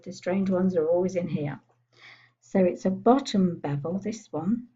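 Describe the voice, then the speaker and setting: A woman giving a chatty software tutorial, thinking aloud as she clicks through menus. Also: fairly low pitch, husky, lo-fi sound. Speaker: computer skills tutor. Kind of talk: screen-recorded software tutorial.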